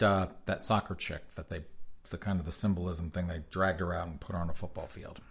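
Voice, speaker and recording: A man with a lowish voice hosts a casual talk show. He reads headlines and article excerpts in a flat news cadence, then cuts in with sarcastic, mocking remarks. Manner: sarcastic, mocking asides between read-outs. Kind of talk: casual commentary reading headlines aloud.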